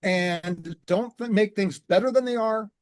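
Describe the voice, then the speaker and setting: A man telling his story in an earnest, measured way and slowing down on key words, as a guest on a conversational show. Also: high-pitched, no echo. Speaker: guest, transformation coach.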